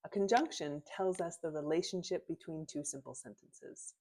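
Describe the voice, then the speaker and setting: Low-voiced woman teaching a lesson. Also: moderate pace, darkish tone. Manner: clear, explanatory, spells out punctuation marks aloud. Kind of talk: lesson on punctuation.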